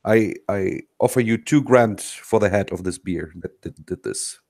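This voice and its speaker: Lower-voiced blunt male player. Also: unhurried, gravelly, darkish tone. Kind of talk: casual in-character chat at a tabletop game.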